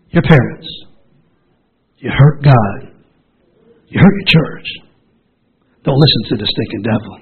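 A man preaching a sermon, emotional and repetitive, with a hoarse, rough voice. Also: mid-range voice, animated, a little slow, pauses often, narrow, tinny audio. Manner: emotional, repetitive, rising to shouted calls.

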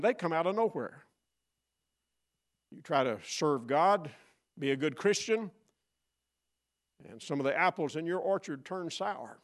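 A man delivers a dramatic sermon from a church pulpit. His fairly high voice leaps around with lively swings, sinking to near whispers before rising to loud, mocking cries. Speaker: guest preacher. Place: church sanctuary.

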